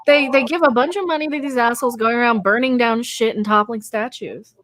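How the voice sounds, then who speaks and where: A woman co-hosting casual comedic banter, teasing with quick retorts and frequent laughs. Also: on the high side, fairly bright tone, a little hiss or hum. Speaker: co-host.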